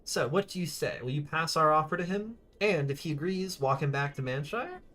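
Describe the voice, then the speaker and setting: A man's voice: a little high, lively intonation, brisk, fairly bright tone. A man reading the lines of a mild-mannered bald village priest in a game, earnest and explaining.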